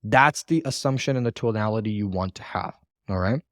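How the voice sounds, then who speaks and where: A man's voice: on the low side, fairly quick, dry recording, studio quality. A man teaching a recorded sales training lesson in a casual, repetitive coaching manner, acting out sample phone lines with shifting tone.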